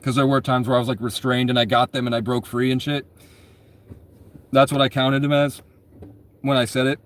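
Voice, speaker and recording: A man's voice: medium pitch, flat delivery, fairly quick. Man, twenties, casual storyteller; rambling, profane delivery, constant self-corrections. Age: 20s.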